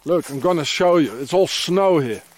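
A man's voice: a little high, animated, normal speed. Bitter South African man ranting outdoors. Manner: bitter, accusing, repeats insults. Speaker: father filming a vlog. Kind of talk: angry ranting vlog to camera. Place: outdoors in deep snow.

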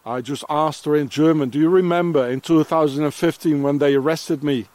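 A man's voice: on the high side, steady tone, a little fast, darkish tone, no room sound. A man with a South African accent filming himself outdoors in the snow, ranting bitterly and accusingly at those he blames, repeating his insults. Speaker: father filming a vlog. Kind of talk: angry ranting vlog to camera.

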